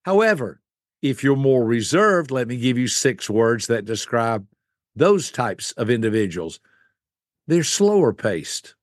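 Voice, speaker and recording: An older man, a guest expert, explaining personality types in an animated teaching style, acting out quick voices. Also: medium pitch, dry recording, clean studio sound.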